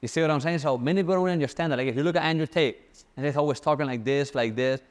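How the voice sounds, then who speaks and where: A young man giving a casual sales-coaching talk, fast and animated, repeating his key points. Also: a little high.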